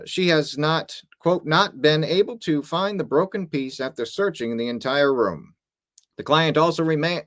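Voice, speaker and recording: A young man co-hosting a paranormal show, reading a case file in a steady, slightly announcer-like way. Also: on the high side, no room sound, clean studio sound. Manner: steady read-aloud, with an occasional mock announcer tone. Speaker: co-host, paranormal investigator. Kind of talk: casual podcast chat, reading a case file aloud.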